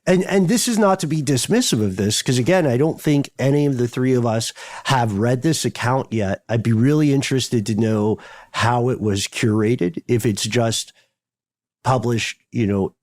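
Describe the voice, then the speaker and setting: A male podcast co-host thinks out loud, slowly building his points through asides and restarts. His voice is a middle-range, ordinary male voice, recorded dry and close in the studio. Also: mid-range voice, no echo. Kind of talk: casual podcast chat.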